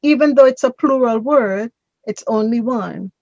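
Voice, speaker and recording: A woman's voice: a little high, normal speed, a little mellow, no echo, lo-fi sound. A woman teaching a grammar class, patiently correcting a student and drilling pronunciation. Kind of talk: online class instruction.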